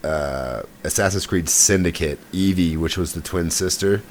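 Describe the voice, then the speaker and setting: A man's voice: sits low, moderate pace. A man co-hosting a podcast, chatting casually about gaming news and often trailing off mid-thought. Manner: conversational, trails off and restarts. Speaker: podcast co-host.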